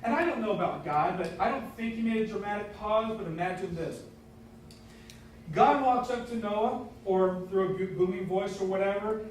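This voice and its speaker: A man with a fairly high voice preaches a sermon in a loose, conversational way and keeps asking the congregation questions. He sounds set back from the mic, and his voice rings through a very echoey church hall with faint room noise underneath. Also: normal speed, distant mic. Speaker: pastor. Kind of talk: casual sermon. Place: church sanctuary.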